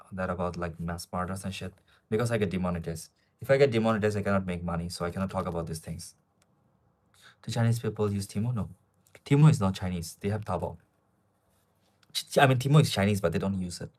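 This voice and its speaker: On a casual live stream, a young man in his twenties speaks English with an Asian accent in a low voice and at a quick pace. He reads viewer questions aloud and answers them off the cuff, rambling from one point to the next.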